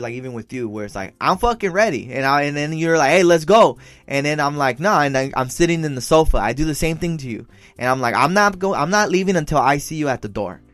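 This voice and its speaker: A man's voice: medium pitch, a bit bright, no room sound. A young man telling a story in casual talk, slangy and profane, mixing in Spanish phrases and calling his friend "fool". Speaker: podcast co-host telling a story.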